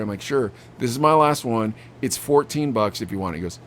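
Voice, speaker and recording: A young man co-hosting a podcast, telling animated stories about customers at his vape shop and acting out what they said. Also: medium pitch, moderate pace, few pauses, slight background noise. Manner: animated storytelling, acts out customers. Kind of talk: casual chat.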